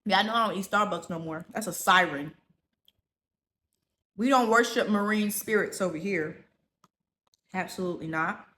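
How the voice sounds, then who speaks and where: Young woman vlogger, mid-pitch voice, loose chatty delivery while eating. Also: normal speed, long pauses, pushed and bright. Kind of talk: casual rant to camera.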